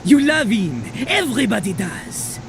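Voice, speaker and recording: A man's voice: high-pitched, sing-song, unhurried, over loud music, heavily acted. An actor playing a boastful male French rapper who lives as a toilet, rhyming and bragging in a French accent. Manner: boastful, raps and beatboxes in rhyme.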